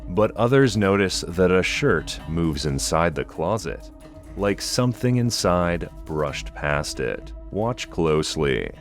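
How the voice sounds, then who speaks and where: A man with a very low voice narrates a countdown of creepy clips, taking his time over every line. His delivery is slow and ominous, with soft music playing underneath. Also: big pitch swings. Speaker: narrator of a countdown list video. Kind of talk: scripted horror-list narration. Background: soft background music.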